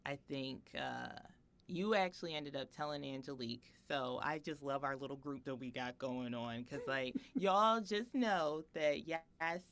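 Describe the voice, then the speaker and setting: A woman in her thirties co-hosting a podcast, telling a personal story in a chatty, animated way with frequent laughter. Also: very deep voice, a little slow. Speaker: podcast co-host. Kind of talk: casual podcast chat.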